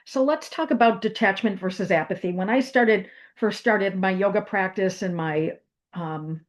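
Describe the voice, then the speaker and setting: Woman giving a meditation talk, slow and thoughtful, lots of ums and restarts. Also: mid-range voice. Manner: slow, reflective, with fillers and restarts. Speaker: meditation teacher. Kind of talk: spoken wellness talk.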